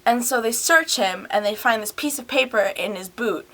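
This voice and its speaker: A woman's voice: a little high, moderate pace, hardly any pauses, fairly bright tone. A drunk young woman giggling and swearing as she retells a history story in a rambling, casual way, filmed on a handheld camera at home. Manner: giggly, profane, rambling, slurred asides.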